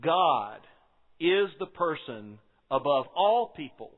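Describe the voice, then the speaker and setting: A man's voice: a little high, very animated, slow pace. A man preaching a sermon, emphatic, repeating key lines and asking rhetorical questions. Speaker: pastor. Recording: phone-like sound with long hall reverb.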